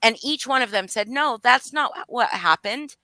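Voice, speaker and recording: Angry bright-voiced woman calling someone out. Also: a little high, moderate pace, no room sound. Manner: angry, profane, voice rising and falling. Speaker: livestream guest speaking out. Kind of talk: emotional live-stream confrontation.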